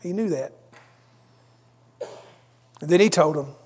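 A man's voice: a little high, takes it slowly, pauses often, darkish tone, slightly rough. A man preaching a sermon, telling a story conversationally with asides. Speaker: pastor.

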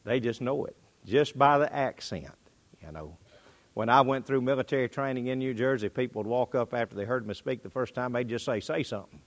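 A man preaching a sermon, swinging between loud bursts and quiet drops. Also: a little fast. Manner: dynamic delivery, pitch and volume rising and dropping.

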